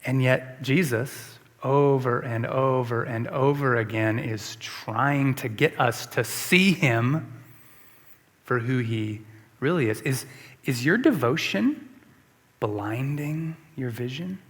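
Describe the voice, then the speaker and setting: A man's voice: medium pitch, slow. A man preaching a sermon as a pastor, emphatic and repeating rhetorical questions to the congregation. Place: church sanctuary. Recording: long church reverb.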